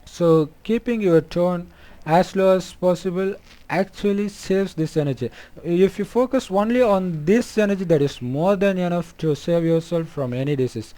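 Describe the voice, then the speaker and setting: A man speaking as a spiritual healer, explaining and demonstrating in a halting way full of ums and uhs. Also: high voice. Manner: halting, with frequent um and uh; softly spoken.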